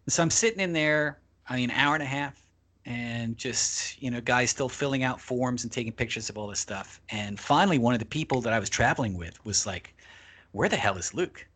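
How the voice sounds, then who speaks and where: A man telling a long travel story as a podcast guest, casual and animated, swearing freely and acting out the people he quotes. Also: mid-range voice, a little fast.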